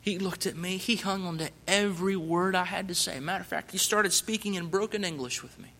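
Missionary guy telling his testimony, bright clear voice, big hall echo. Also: high voice, brisk. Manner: earnest, rising fervently when reciting scripture. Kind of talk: personal testimony storytelling.

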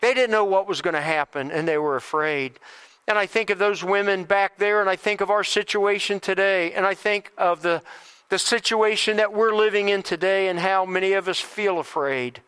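A man's voice: high-pitched, bright, forceful tone, smooth. A man preaching an Easter sermon earnestly, repeating phrases and restarting lines as he encourages his listeners. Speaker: pastor.

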